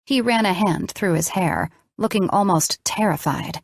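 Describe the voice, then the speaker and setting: A woman narrating a romance novel in the first person, steady and measured. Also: medium pitch, creaky, breathy edge, no echo. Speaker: audiobook narrator.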